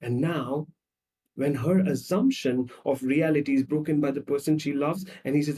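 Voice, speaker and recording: Psychologist guy, warm mellow tone, animated storytelling with lots of listing. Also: a little high, moderate pace, distant mic. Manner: animated storytelling with repetitive lists. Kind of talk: explaining with acted examples.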